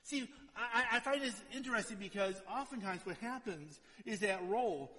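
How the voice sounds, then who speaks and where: A man's voice: high-pitched, moderate pace, sharp tone, long reverb tail. A male pastor preaching a conversational sermon, who often checks in with his listeners by asking "right?".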